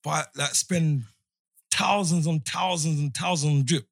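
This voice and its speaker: A man's voice: on the high side, a little slow, gravelly, dry recording, studio quality. A young man, co-hosting a show, joking around in casual banter and repeating himself to make a point. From Barbados. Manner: animated, repeats himself, slangy. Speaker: podcast co-host.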